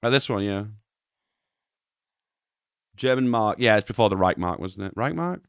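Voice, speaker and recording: A young man, a YouTube host giving relaxed, chuckling commentary on memes and swearing offhandedly. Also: on the low side, moderate pace, clean tone, no room sound, studio quality. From England. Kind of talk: casual commentary.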